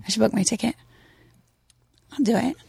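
Giggly woman with a gravelly edge. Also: a little high, normal speed, a little mellow, no echo, studio quality. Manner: playful, giggly, upbeat. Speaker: podcast guest, Instagram model. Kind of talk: casual podcast chat.

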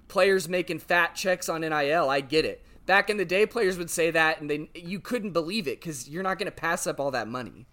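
A man co-hosting a sports podcast, telling stories in an animated, rambling, casual way. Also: a little high, a little fast, hardly any pauses. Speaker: podcast co-host.

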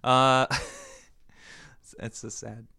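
A man's voice: mid-range voice, flat delivery, drawn-out words, vocal fry, bright, forceful tone, clean tone. A young man co-hosting a podcast, chatting casually and rambling with fillers and frequent laughter. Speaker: podcast co-host. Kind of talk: casual chat.

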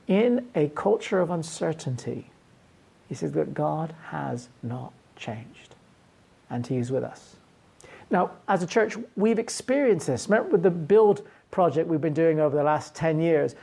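A woman's voice: fairly low pitch, vocal fry, dark tone, husky. A woman pastor giving an earnest sermon, often restarting and repeating words.

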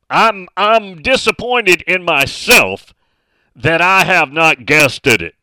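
A man's voice: high voice, expressive, takes it slowly, pushed and bright, dry recording, rough recording. A man hosting a casual sports talk radio show from a studio, chatting and reading out listener messages.

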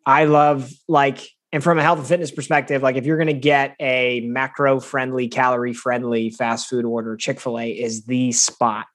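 An upbeat man in casual podcast talk, with a voice of middling pitch. He is eager and slangy, and he thinks out loud as he goes. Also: flat delivery, normal speed, hardly any pauses. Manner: enthusiastic, slangy. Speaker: podcast co-host. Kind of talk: casual chat.

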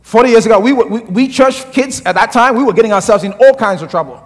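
A middle-aged man from Africa, a pastor preaching a sermon with humorous, animated storytelling. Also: very high-pitched, fast. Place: church sanctuary. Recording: long church hall reverb.

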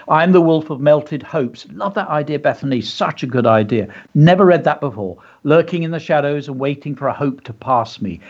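A man runs a live writing lesson over the radio. He reads pupils' lines aloud and coaches them warmly. His voice sits at an ordinary middle pitch, and the sound is muffled and lo-fi. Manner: encouraging, thinks aloud while composing, coaching tone. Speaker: radio show host and writing teacher. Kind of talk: live writing workshop, reading out and praising submissions.

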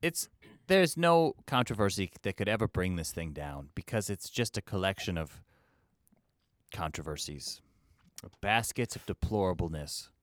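Man doing a rambling, crude Lincoln cohost, lowish, swinging voice, dry close mic. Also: moderate pace, dry recording. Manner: rambling, crude, deadpan jokes. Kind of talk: casual comedic chat.

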